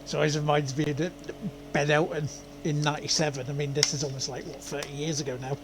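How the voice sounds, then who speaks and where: A man's voice: fairly high pitch, level tone, brisk, background noise. A man streaming a racing game in casual, rambling chat, often laughing and greeting viewers. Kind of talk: casual gaming livestream chat.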